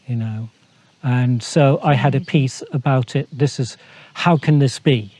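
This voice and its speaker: A man from the United Kingdom tells his part of a missionary story, calm and measured, with small hesitations. His voice is mellow and dark, at a middling pitch. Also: slight background noise. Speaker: missionary guest. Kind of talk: storytelling in a faith talk show.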